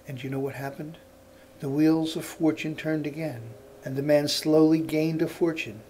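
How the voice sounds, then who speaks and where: Male folk-tale storyteller, slightly high pitch, unhurried repetitive cadence. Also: steady tone, warm tone, a little hiss or hum. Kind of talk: oral folk tale telling.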